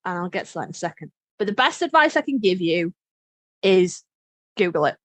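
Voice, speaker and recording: A woman's voice: lowish voice, sing-song, brisk, fairly bright tone, no room sound. A woman hosting a podcast, explaining things in a frank, candid way, swearing and laughing easily. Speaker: podcast host. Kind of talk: casual explainer chat.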